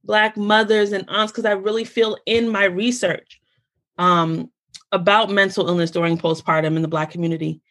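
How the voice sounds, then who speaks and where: A woman guest on a podcast, in casual, animated conversation, talking in quick bursts and restarting her sentences often. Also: medium pitch. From United States. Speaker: podcast guest, founder of a mental health community.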